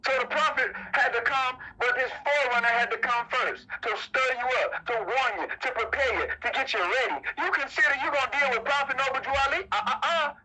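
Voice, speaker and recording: A man's voice: very high voice, brisk, few pauses, sharp tone, rough recording. A man preaching a sermon at a religious meeting, emphatic and repetitive, firing rhetorical questions at his listeners.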